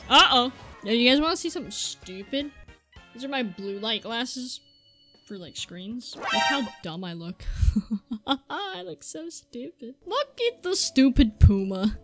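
High, excitable woman yelling at a game. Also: a little slow, faint music behind. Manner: excitable, yelping, crude jokes. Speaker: gaming YouTuber. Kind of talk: gameplay commentary.

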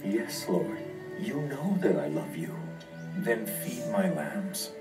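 Jesus figure for a Bible video played by an actor, solemn, slow, lively pitch, distant mic, loud music behind. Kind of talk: dramatized Bible scene.

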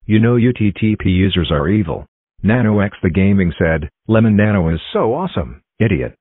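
A stern cartoon parent voiced by a robotic male text-to-speech voice scolds in a very deep monotone. The delivery is dry and mechanical, and the recording sounds dull and lo-fi. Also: husky, no echo. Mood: scolding. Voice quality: flat synthetic text-to-speech voice. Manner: monotone scolding, drawn-out repetitions. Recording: dull lo-fi computer voice.

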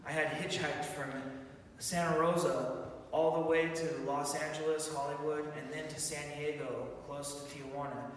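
A man giving an excited, animated church testimony, telling his story with many restarts. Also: on the high side, normal speed, slight background noise. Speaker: testimony speaker. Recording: echoey hall, far mic.

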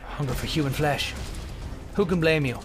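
A young man commentating a video game as he plays, goofy and joking, bursting into shouts. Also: on the high side, moderate pace, over music. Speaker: gameplay commentator. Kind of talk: let's play commentary.

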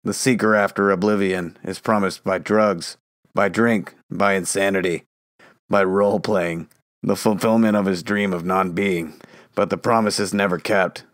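A man's voice: sits low, fairly even intonation, moderate pace, dry recording, studio quality, lightly acted. An actor playing a fanatical male psychiatrist who lectures and builds into a ranting tirade, in an audio drama.

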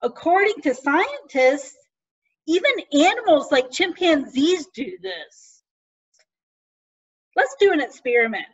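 A woman deacon giving a gentle, questioning children's lesson, speaking in a teacherly way. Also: sits high, very animated, slow, pauses often, dull audio.

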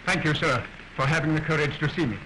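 An actor playing an earnest, grave rebel leader who is a doctor, speaking in a formal, solemn, insistent way, in 1930s film style. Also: male voice, fairly high pitch, fast, lightly acted. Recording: hissy early 1930s film soundtrack.

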